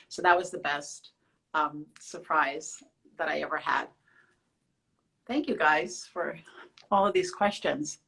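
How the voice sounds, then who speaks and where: A woman's voice: low-pitched, a little slow, creaky, pauses often, a bit bright, rough recording. A woman in her forties, hosting a casual live question-and-answer with fans, telling personal stories in a chatty way with many restarts. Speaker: show host.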